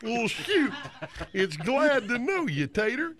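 A man playing a slow-witted cowboy ranch hand in a comedy sketch, talking in a slow folksy drawl. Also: extremely high pitch, sing-song, a crowd in the background, voice pushed up, exaggerated voice. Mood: goofy.

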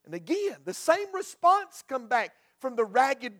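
A man's voice: extremely high pitch, big pitch swings, a little slow, few pauses, a bit bright. A male pastor preaching a sermon, telling a folksy story and often repeating and restarting his words.

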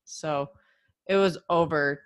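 A woman's voice: deep voice, slow, dry recording. A woman co-hosting a podcast, giving brief answers in casual conversation. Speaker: podcast co-host. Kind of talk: casual chat.

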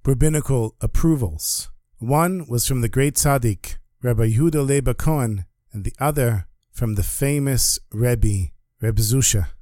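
A man's voice: medium pitch, warm tone, no echo. A male storyteller, dry close sound. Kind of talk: religious storytelling.

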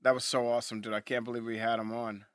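A man co-hosting a podcast, excitable and slangy, swearing and calling people dude. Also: mid-range voice, fast, clear, resonant tone, dry recording, clean studio sound. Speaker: podcast co-host. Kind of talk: casual podcast chat.

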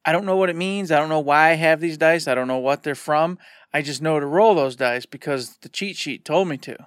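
A man co-hosting a casual gaming podcast, talking in an animated way and acting out imagined dialogue. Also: on the high side, brisk, dry recording, clean studio sound. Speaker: podcast co-host. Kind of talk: casual chat about games.

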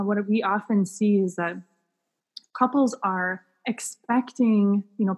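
A woman being interviewed as a guest author on a podcast, answering in a thoughtful, unhurried way with many fillers. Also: medium pitch, a little mellow, husky, long reverb tail, rough recording.

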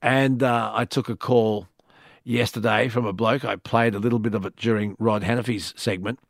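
Aussie talkback radio guy, gravelly voice, dry close studio mic, easygoing. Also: on the low side, steady tone, normal speed, no room sound. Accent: Australian. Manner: laid-back, chatty, laughs easily. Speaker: radio host. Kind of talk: late-night talkback radio. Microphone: studio microphone.

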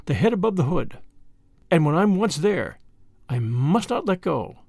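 A man's voice: on the high side, very animated, a little slow, vocal fry, darkish tone, no echo, exaggerated voice. A man voicing a brave young male mongoose who talks in a curt, impatient, commanding way. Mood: grim resolve.

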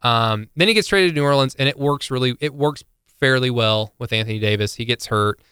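A man's voice: medium pitch, a little fast, bright, forceful tone, clear, resonant tone, dry recording, studio quality. A man co-hosting a podcast in casual sports chat, rambling with many fillers and restarts. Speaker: podcast co-host.

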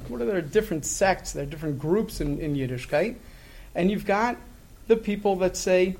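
A middle-aged man telling a story in a conversational way, halting with many fillers and restarts, earnest and reflective. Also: high-pitched, lively intonation, darkish tone.

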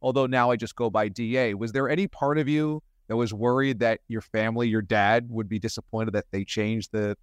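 A man's voice: on the low side, fairly even intonation, brisk, few pauses, clean tone, no room sound. A man hosting an interview, asking curious, conversational questions. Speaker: podcast interviewer.

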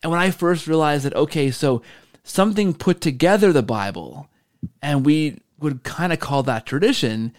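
A man hosting a podcast, telling a story in a casual, animated way and checking in with a frequent "right?". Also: a little high, normal speed. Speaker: podcast host.

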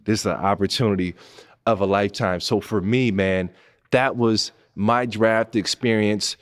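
A man in his thirties from Southern California, telling a personal story as a podcast host, animated and emphatic, rising high when excited and dropping soft when moved. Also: moderate pace. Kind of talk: storytelling monologue.

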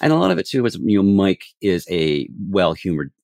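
A man's voice: deep voice, sing-song, brisk, vocal fry, a little mellow, no room sound, studio quality. A man guest on a podcast, telling rambling set stories with many restarts. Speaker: camera operator guest. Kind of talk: casual podcast chat.

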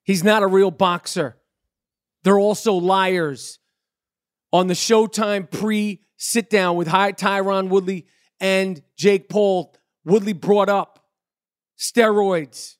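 A man's voice: high voice, steady tone, slow pace. A man hosting a podcast, delivering a blunt, profane, heated monologue. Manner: blunt, heated, heavy swearing. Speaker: podcast host.

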